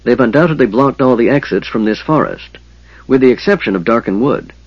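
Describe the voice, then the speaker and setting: A man voicing a weary, resolute male half-elf leader in an audiobook, speaking firmly and curtly with a husky voice. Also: medium pitch, lively intonation, brisk, no room sound, muffled recording. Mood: grim. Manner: firm, grim, curt.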